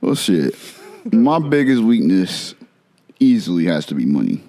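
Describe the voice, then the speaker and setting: A young man talks casually on a podcast, relaxed and slangy. His pitch swings up and down a lot. He laughs often as he chats. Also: measured pace. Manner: laid-back, slangy, laughs easily. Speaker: podcast co-host. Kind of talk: casual chat.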